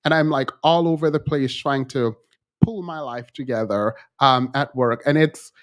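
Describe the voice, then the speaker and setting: A man's voice: mid-range voice, normal speed. A man hosting a casual live-stream commentary, telling stories with animation and mimicking others in a raised voice. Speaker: channel host.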